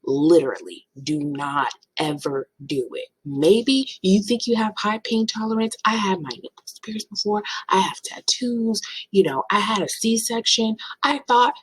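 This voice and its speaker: A young woman in her twenties telling a storytime in casual chat, animated and dramatic. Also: unhurried, husky, low-quality recording. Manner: animated, dramatic, swings into playful high voices for quotes. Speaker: vlogger.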